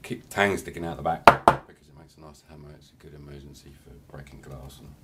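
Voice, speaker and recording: Male hobbyist, deep voice, a cough, casual rambling tutorial, heavy workshop noise. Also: fast. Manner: rambling, chatty asides. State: has a cough. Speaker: hobby knife maker. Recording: loud sanding and rubbing noise.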